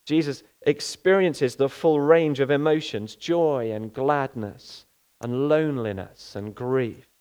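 A man's voice: medium pitch, takes it slowly, darkish tone, clean tone. A male pastor giving an earnest sermon, often asking rhetorical questions.

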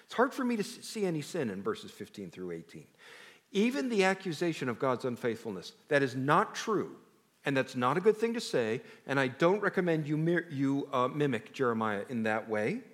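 A man's voice: medium pitch, big pitch swings, moderate pace. A male pastor preaching a sermon in a conversational way, often putting questions to the congregation and shifting his emphasis freely.

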